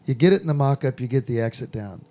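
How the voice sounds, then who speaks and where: A man's voice: mid-range voice, expressive, quick pace, dark tone. A middle-aged man from Southern California, a skydiving coach, chatting casually and telling stories with laughs. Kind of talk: casual podcast chat.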